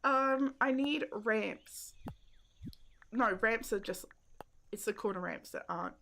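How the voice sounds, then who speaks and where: A woman's voice: a little high, slow, creaky, pushed and bright, a little hiss or hum. A woman, casually chatting with viewers while live-streaming a game, joking about herself and laughing often. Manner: self-deprecating, giggly, chats with viewers.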